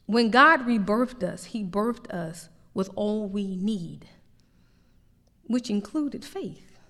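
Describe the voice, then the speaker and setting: A woman teaching a sermon in an animated, conversational way, acting out little asides as she preaches. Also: mid-range voice, slow pace, in a large hall. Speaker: pastor, Bible teacher. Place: church sanctuary.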